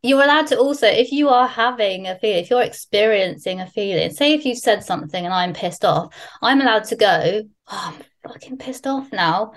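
A woman speaking as a guest in a casual podcast chat, candid and animated, swearing freely as she tells stories. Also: medium pitch, brisk, few pauses.

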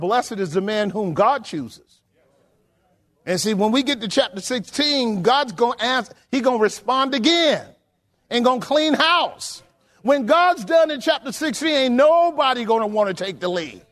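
A middle-aged pastor preaching a sermon in a church, asking the congregation questions and building to emphatic peaks. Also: male voice, sits high. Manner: call-and-response preaching, rising to emphatic peaks. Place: church sanctuary.

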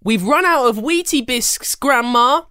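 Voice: sits high, expressive, moderate pace, pushed and bright, smooth, dry recording, studio quality, voice pushed up. A storyteller voicing an earnest, kind girl. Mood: calling.

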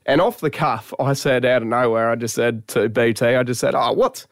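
A man's voice: mid-range voice, fairly even intonation, moderate pace, no echo. Australian guy chatting on radio, laid-back yarns, dry close mic. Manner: laid-back storytelling, matey. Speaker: radio co-host. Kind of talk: casual chat.

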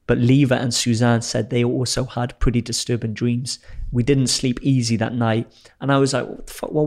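A young man tells his story in a loose, lively way, acting out bits of dialogue and dropping the odd swear word. His voice sits in an ordinary middle pitch. The delivery is chatty. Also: gravelly. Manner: animated storyteller, swears freely, acts out quotes. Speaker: explorer telling his adventures as a guest. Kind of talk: casual storytelling.

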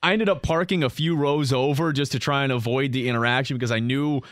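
A man's voice: medium pitch, fairly even intonation, fast, no room sound. Dry, teasing male co-host. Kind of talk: casual chat.

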